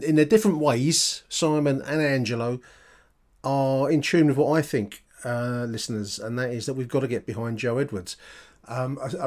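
A man hosting a football podcast, responding to listener voicemails in a measured, thoughtful way. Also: mid-range voice, a little mellow. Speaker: podcast host. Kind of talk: podcast commentary.

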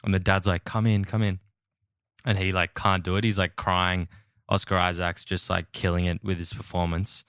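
A man's voice: low-pitched, moderate pace, smooth, no room sound, clean studio sound. A young man, hosting a casual podcast chat about a TV series, full of "like" and laughter. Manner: animated, laughs often, says "like" a lot. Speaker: podcast host.

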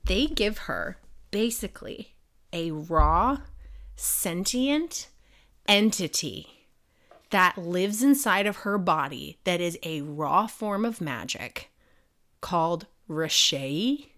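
Female co-host, lowish voice, lively casual storyteller recapping a novel. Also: slow pace. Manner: animated retelling, acting out character lines. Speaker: podcast co-host. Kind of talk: casual book review chat.

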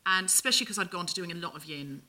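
A woman's voice: lowish voice, rapid-fire. A woman hosting a comedy podcast live on stage, chatty and self-mocking with playful asides. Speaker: podcast host. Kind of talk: comic chat on stage. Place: live theatre stage in London. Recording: live stage recording with loud noise.

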